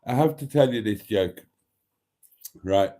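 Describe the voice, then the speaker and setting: A man's voice: lowish voice, unhurried, dark tone. A man hosting a live stream, chatting casually, reading out viewer comments and telling a long rambling joke. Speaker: livestream host.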